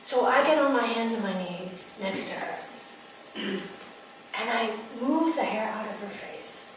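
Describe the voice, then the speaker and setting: A woman midwife recounts a birth story in an unhurried, hushed voice that often falls almost to a whisper. Her delivery is very slow and deliberate. The recording is taken from a distance in a strongly echoing room, with clear background ambience. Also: a little high, lively intonation. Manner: slow, intimate, dropping to near whispers. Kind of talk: storytelling to a live audience. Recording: echoey room, distant mic, ambient noise.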